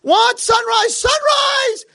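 A man's voice: high voice, sing-song, normal speed, husky, pitched above the performer's own voice, full character voice. A man doing a cheerful kindly old man. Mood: jubilant.

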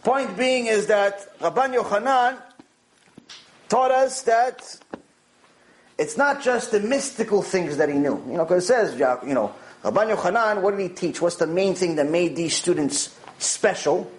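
A man giving a Torah lecture, telling stories in an animated way and repeating lines for emphasis. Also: high voice, measured pace. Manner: animated storytelling, with repetition for emphasis. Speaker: Torah teacher.

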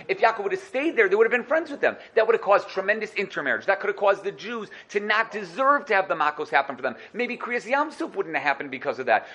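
A man giving an animated Torah lecture, acting out quotes and asking questions. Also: high voice. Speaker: Torah teacher.

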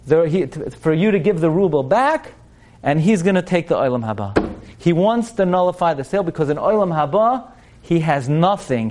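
A woman's voice: on the low side, dark tone, natural voice. Distraught widow, pleading and insistent; voiced by a man telling the story.

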